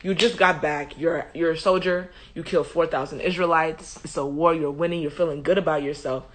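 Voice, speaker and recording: A young woman hosting a livestream, retelling a Bible story in a humorous, slangy, animated way into a phone mic. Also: sits low, a little fast. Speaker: host. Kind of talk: casual Bible study retelling.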